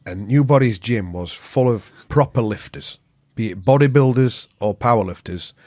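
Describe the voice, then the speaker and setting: A northern English man with a Yorkshire accent spins a rambling, sweary yarn as a podcast guest. His voice sits at an ordinary middle pitch. It is recorded close and dry. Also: moderate pace, dry recording. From Northern England. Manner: swears freely, animated storyteller who acts out quotes. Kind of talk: casual storytelling.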